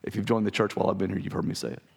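A man preaching a sermon as pastor, with a raspy voice, earnest and direct with his congregation. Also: low-pitched, flat delivery, racing. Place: church sanctuary.

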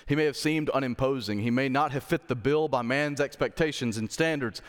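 A man's voice: medium pitch, lively intonation, fairly quick, few pauses, long reverb tail. A man preaching a sermon as a pastor, reading Bible passages aloud and talking to the congregation in a conversational way. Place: church sanctuary.

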